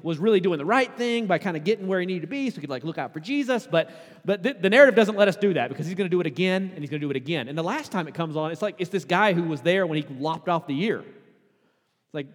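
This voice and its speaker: A man preaching a sermon as pastor, conversational and casual, building to emphatic, louder peaks. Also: high voice, lively intonation, fast. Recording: long hall reverb.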